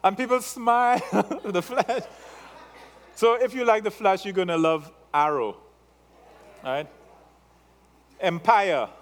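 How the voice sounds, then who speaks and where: A male pastor with a non-native English accent preaches in a high, slightly raised voice at an unhurried pace. His sermon is loose and conversational, not formal. He playfully teases the congregation and keeps checking in with them through tag questions.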